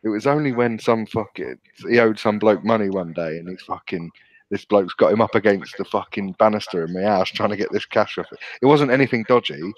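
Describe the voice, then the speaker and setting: A man's voice: fairly low pitch, a little fast, muffled recording. Sweary British man telling a story. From England. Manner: sweary, laughs often, animated retelling. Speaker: podcast co-host. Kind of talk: casual storytelling.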